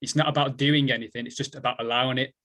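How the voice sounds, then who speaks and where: A man's voice: medium pitch, steady tone, sharp tone. A man hosting an interview, speaking thoughtfully with frequent restarts. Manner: thoughtful, halting, with many restarts. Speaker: interviewer host. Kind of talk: interview conversation.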